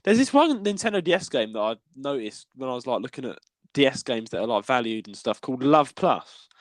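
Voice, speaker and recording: A young British man co-hosting a podcast in casual chat, giggly and animated, often stumbling over restarts. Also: medium pitch, brisk. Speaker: podcast co-host.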